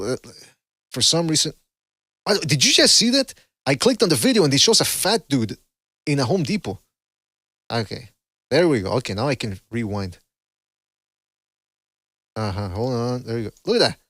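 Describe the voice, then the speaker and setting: A man's voice: medium pitch, a bit bright, no room sound. Rambling, blunt male boxing host. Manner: rambling, blunt and profane, with many fillers. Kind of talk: casual call-in show commentary.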